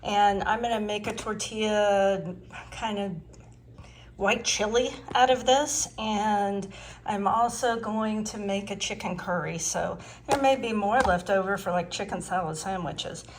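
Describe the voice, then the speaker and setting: A woman's voice: medium pitch, unhurried, slight background noise. An older woman chatting frankly in a casual home vlog, folksy, with frequent ums. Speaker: vlogger.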